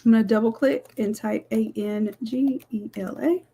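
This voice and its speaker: A woman's voice: on the high side, steady tone, normal speed, mellow, husky. Chatty woman teaching design live. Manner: chatty, says "y'all", talks viewers through steps. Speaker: design instructor. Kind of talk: live screen-share tutorial.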